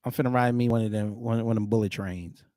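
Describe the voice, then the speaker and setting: A man giving casual, joking reaction commentary, animated and sometimes shouting. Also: lowish voice, fast, no echo.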